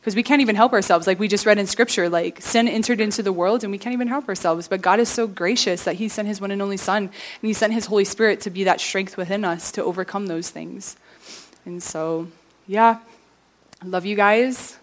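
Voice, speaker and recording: A woman's voice: medium pitch, a little fast. A young woman giving a casual, earnest youth sermon, full of fillers like "like" and "you know", ending in prayer. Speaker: youth speaker.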